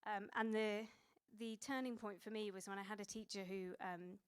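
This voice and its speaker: A woman's voice: medium pitch, fairly even intonation, moderate pace, clear, resonant tone. A woman in her thirties preaching a sermon in a conversational way, with many fillers and restarts.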